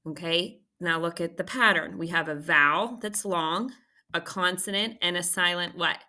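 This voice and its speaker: Lady teacher going over phonics slow and patient, lowish voice but bright and punchy. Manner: patient, explanatory, checks in with "okay". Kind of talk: recorded phonics lesson walkthrough.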